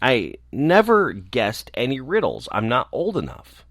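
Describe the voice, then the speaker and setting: A man's voice: mid-range voice, huge pitch swings, unhurried, no room sound, clean studio sound, voice pushed up. A man voicing a shy, frightened small girl who stammers in a storybook. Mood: timid. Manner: timid, hesitant.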